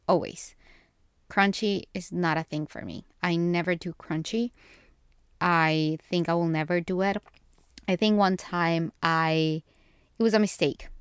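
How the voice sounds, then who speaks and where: A woman's voice: fairly low pitch, clear, resonant tone, dry recording, clean studio sound. A young woman hosting a casual solo podcast, chatty and gushing, often correcting herself mid-sentence. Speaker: podcast host.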